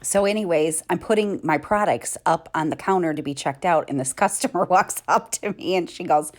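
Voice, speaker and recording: A woman's voice: on the low side, normal speed, few pauses. Chatty woman vlogging at home. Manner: animated, laughs often mid-sentence. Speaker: vlogger and mom. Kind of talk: casual chatty storytelling while doing chores. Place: home kitchen.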